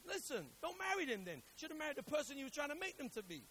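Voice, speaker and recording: A man preaching a sermon who swings between hushed storytelling and loud exhorting, repeating words for emphasis and acting out the voices he quotes. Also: very high-pitched, big pitch swings, very fast, a little hiss or hum, rough recording. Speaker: pastor.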